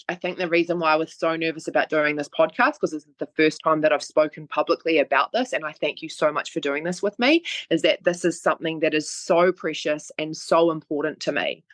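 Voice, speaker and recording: A woman's voice: deep voice, fairly bright tone, no echo. A woman with a New Zealand accent, a fitness coach talking earnestly in a casual podcast conversation. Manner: chatty and earnest, talks fast in bursts. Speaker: guest, online fitness coach.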